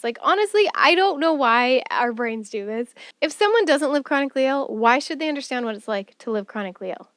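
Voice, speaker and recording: A woman's voice: high-pitched, a bit bright, no room sound, clean studio sound. A young woman hosting her own podcast, talking earnestly and conversationally, acting out quoted voices as she goes. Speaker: podcast host. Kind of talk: casual advice monologue.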